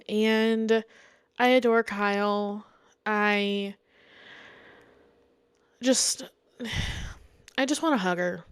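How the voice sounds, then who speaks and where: A young woman talks on her own podcast in a loose, rambling way, full of "like" and "um". Her voice sits a touch high and comes through smooth and clean. The close microphone gives a dry sound with no room around it. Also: dry recording. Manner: rambling, frequent "like" and "um", candid opinions. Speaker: podcast host. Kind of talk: casual solo chat about reality TV.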